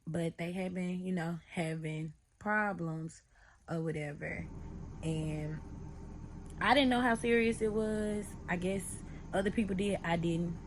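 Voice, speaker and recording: A young woman with a low, deep-set voice tells a casual story time straight to her viewers. She is a little out of breath and rambles with hesitant pauses. Every so often she bursts into loud, emphatic stretches. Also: slight background noise. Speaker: vlogger.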